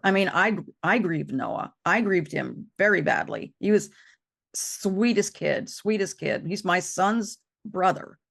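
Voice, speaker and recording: A woman talking about losing loved ones, halting and repeating herself as she tells it. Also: on the low side, vocal fry, fairly bright tone. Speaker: co-host. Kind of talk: emotional personal conversation.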